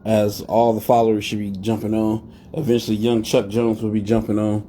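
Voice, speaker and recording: A man's voice: fairly low pitch, little pitch movement, a little fast, warm tone, a little hiss or hum. A man hosting a live wrestling talk show in a blunt, profane, rambling way. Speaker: podcast host. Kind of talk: casual live-stream rant.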